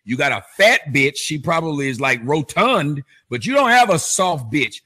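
A man's voice: on the high side, big pitch swings, normal speed, pushed and bright. A man hosting a commentary show, mocking the clips he plays in a sarcastic, sing-song teasing way. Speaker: commentary host.

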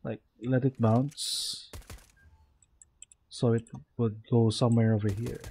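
Flat and slow, a mid-range male voice with a dark tone mumbles casual gameplay remarks during a stream, and a little hiss or hum is audible. The speaker is a sleepy young man with a Filipino accent who code-switches into Tagalog as he talks to himself.

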